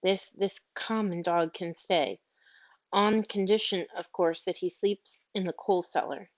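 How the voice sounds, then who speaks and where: A woman's voice: fairly even intonation, a little slow. A woman voicing a fussy, tearful, haughty older lady who frets shrilly over her dog, in a storybook reading. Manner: fretful and shrill, prone to wailing. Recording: dull lo-fi audio.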